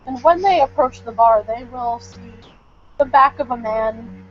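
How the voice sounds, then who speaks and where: A woman acting as game master, setting scenes at an unhurried pace as she narrates a tabletop game. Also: a little high. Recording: muffled lo-fi recording with faint noise.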